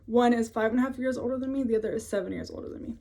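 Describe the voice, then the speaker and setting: A woman's voice: on the high side, rapid-fire, dark tone. A woman of twenty-five, telling a personal story to camera in a casual, chatty way from her home office. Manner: chatty, many fillers, laughs often. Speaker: vlogger.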